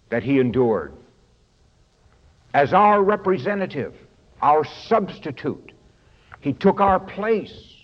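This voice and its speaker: A man's voice: fairly high pitch, very animated. A male preacher gives an emphatic sermon, his voice leaping up and down as he leans into key phrases. It comes through a dull, lo-fi radio broadcast. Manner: emphatic, swings between slow stressed phrases and quick asides. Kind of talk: sermon teaching from a study booklet. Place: large auditorium.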